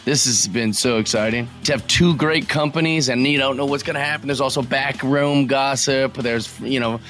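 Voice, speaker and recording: An easygoing, enthusiastic man co-hosts a casual podcast. His voice sits at an ordinary middle pitch, and faint music plays softly behind him. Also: steady tone, normal speed. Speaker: podcast co-host. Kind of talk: casual chat.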